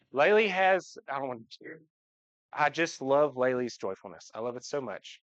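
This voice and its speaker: A man in his thirties with a drawl speaks from the pulpit, mixing jokes with heartfelt praise for his family. His pitch sits in a middle range, and his voice jumps up when he acts out other people. The live church recording sounds slightly dull. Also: lively intonation, moderate pace. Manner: joking storyteller, voice jumps up when imitating. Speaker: church member speaking to the congregation. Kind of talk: heartfelt personal talk from the pulpit. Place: church sanctuary.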